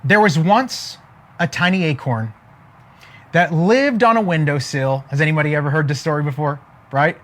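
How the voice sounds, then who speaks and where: A man with a fairly high voice gives an emphatic motivational talk. He tells stories, builds to punchlines and keeps asking his audience whether they are following. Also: moderate pace, a bit bright. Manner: emphatic, with frequent "okay?" check-ins. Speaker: motivational speaker.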